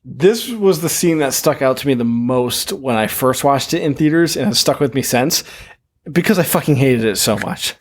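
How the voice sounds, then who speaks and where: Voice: medium pitch, expressive, normal speed. A podcast co-host in casual chat, bluntly complaining about a film, with frequent swearing. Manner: blunt, exasperated, profane. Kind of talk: casual movie review chat.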